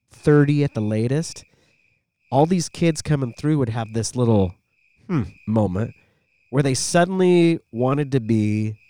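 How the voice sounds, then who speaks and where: This middle-aged man talks with a swooping, lively pitch, an animated storyteller with the ease of a former radio voice guy. His voice sits close and dry on the podcast mic, with no room sound around it. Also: no room sound. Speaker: podcast co-host. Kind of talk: casual podcast chat.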